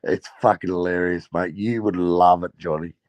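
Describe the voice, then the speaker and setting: A man's voice: low-pitched, fairly even intonation, moderate pace, darkish tone, no room sound. An Australian man hosting a casual chat, telling profane stories and laughing at them. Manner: rowdy, profane storytelling, laughing at his own tales.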